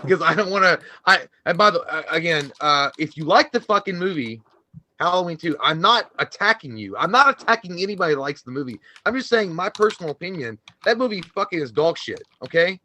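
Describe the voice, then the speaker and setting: A man's voice: fairly high pitch, expressive, a little fast, bright, forceful tone. A man co-hosting a casual movie podcast, ranting heatedly and profanely with lots of restarts. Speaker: co-host.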